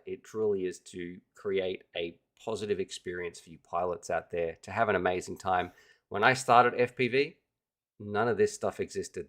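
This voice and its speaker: Low-voiced man hosting a livestream. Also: a bit bright. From Australia. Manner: enthusiastic, chatty, addresses viewers directly. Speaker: livestream host. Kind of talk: casual livestream chat.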